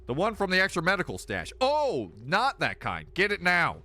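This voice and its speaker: A young man giving joking, animated commentary while playing a horror game on a let's play. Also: sits high, normal speed. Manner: animated, joking, laughs often.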